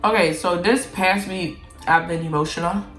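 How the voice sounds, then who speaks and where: A young adult woman from Jamaica films a casual Q&A vlog while eating, chatting candidly and dropping "like" constantly. Her fairly low voice has a fairly bright tone at normal speed, recorded in an echoey room with faint music behind.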